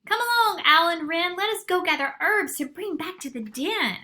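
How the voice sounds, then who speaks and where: A shrill, squawking storybook raven, put on by a woman that calls out loudly to its friends. The voice shoots very high and rings bright and sharp. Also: expressive, moderate pace, exaggerated voice. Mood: eager. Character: bossy squawking raven, eager leader.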